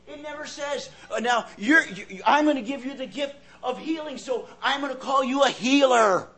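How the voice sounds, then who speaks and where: Here a man gives a heartfelt sermon at normal speed in an extremely high-pitched voice. His volume climbs and drops, and he keeps repeating words as he hunts for the next idea.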